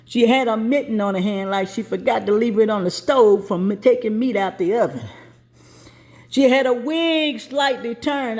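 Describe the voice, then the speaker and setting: Woman telling a lively comic story. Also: on the high side, moderate pace. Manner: lively, vivid and colloquial.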